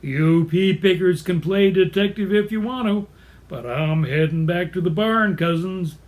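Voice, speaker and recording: A man's voice: high voice, measured pace. A man voicing a laid-back old male farm horse with a folksy country drawl.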